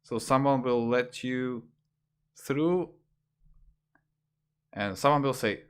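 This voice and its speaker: A man teaching slang on a livestream, talking hesitantly with fillers and restarts, jumping higher when he imitates phrases. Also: moderate pace, smooth. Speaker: language teacher. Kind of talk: casual livestream lesson.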